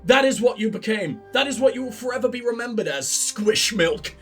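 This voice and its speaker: A man hosting a let's play and commenting on the game in a sarcastic, sweary, excitable way. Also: very high-pitched, brisk, faint music behind. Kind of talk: gameplay commentary.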